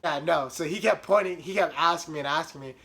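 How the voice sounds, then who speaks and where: Animated young man telling a comic story. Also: a little high, quick pace, vocal fry. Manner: animated, self-mocking, exaggerated. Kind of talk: comedic storytime.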